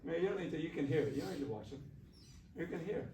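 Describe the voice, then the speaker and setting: A man leading a shakuhachi workshop, coaching students on their breathing in a relaxed, encouraging way. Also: on the high side, racing. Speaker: shakuhachi teacher. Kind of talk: workshop instruction. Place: classroom. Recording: roomy, distant mic, faint room noise.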